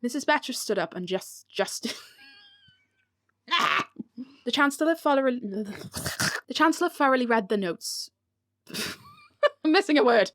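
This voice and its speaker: A woman's voice: fairly high pitch, animated, measured pace, pauses often, fairly bright tone. Giggly British woman reading bloopers. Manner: giggly, breaks into laughter, swears at her own slips. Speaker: author narrating her own audiobook. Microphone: home recording mic.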